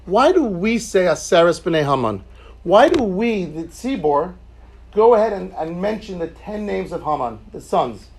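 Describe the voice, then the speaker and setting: A man's voice: high voice, slightly rough. A man teaching an informal Talmud class, explaining points conversationally with joking asides and frequent restarts.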